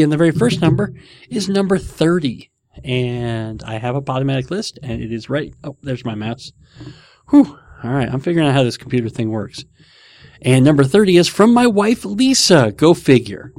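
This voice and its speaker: A man's voice: a little high, vocal fry, a little mellow, no room sound, clean studio sound. A man hosting a casual podcast, rambling and laughing at himself as he chats from home. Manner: rambling, laughing, self-mocking. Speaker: podcast host.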